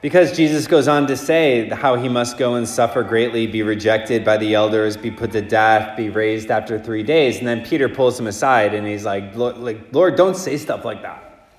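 A man reads the gospel aloud and then preaches a homily in a relaxed, chatty way with plenty of fillers. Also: lowish voice, moderate pace, hardly any pauses. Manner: casual, conversational preaching with many fillers. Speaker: priest. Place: church. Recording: echoey church with long reverb.

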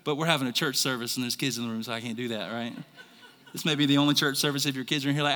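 A man preaching a sermon as a pastor, swinging from quiet talk to shouts and asking the congregation questions. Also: medium pitch, fast talker, in a large hall, slight background noise. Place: church service.

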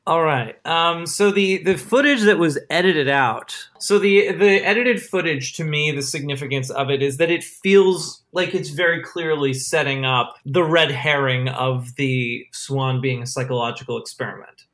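A podcast co-host in casual chat, rambling and excitable, with many restarts. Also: mid-range voice, normal speed, hardly any pauses.

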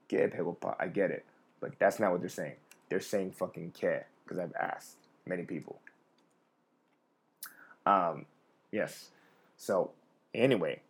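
A man's voice: sits low, breathy edge. A young adult man, a comedian hosting a live stream, telling rambling, profane, self-mocking stories in casual chat.

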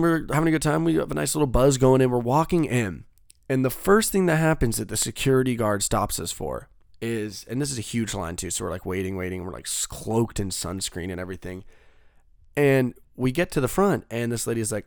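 A man's voice: medium pitch, lively intonation, brisk, vocal fry, no room sound, studio quality. A young man casually telling a long personal story, rambling and swearing, with lots of filler words.

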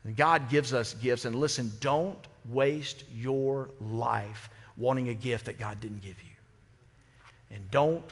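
Conversational pastor preaching in a reverberant sanctuary. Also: male voice, medium pitch, takes it slowly, slightly rough. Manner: conversational, humorous preaching with rhetorical questions. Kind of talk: sermon. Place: church sanctuary. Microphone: microphone. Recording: long hall reverb.

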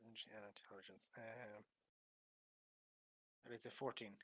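Bright-toned man player. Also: lowish voice, little pitch movement, measured pace, breathy edge, no room sound. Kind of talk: casual tabletop role-play.

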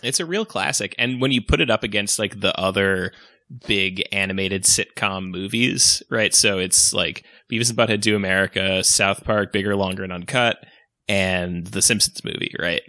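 A man talking casually on a podcast with a bright, forceful voice that sits a little low. He rambles and laughs as he goes. The sound is dry and close. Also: normal speed, dry recording. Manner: rambling, animated, often laughing. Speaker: podcast co-host. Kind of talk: casual chat.

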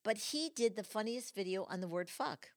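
Host, middle-aged woman, Michigan-raised, lively storyteller, mid-range voice. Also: mid-range voice, moderate pace. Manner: animated storyteller, acts out quotes. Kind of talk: casual chat.

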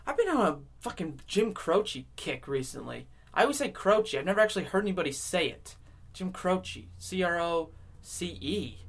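A man hosting a podcast alone, rambling casually with constant swearing and swings between loud outbursts and low mutters. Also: very animated, normal speed. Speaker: podcast host. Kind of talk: casual rambling solo monologue.

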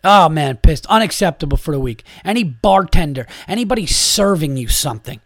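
A man's voice: a little high, expressive, fairly quick, no room sound, clean studio sound. A man hosting a podcast, delivering an exasperated, profane monologue in a casual ranting way. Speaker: podcast host and comedian.

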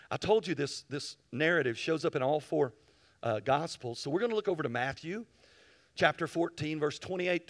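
A middle-aged man preaching a sermon as pastor, telling stories and acting out voices and dialogue. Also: a little high.

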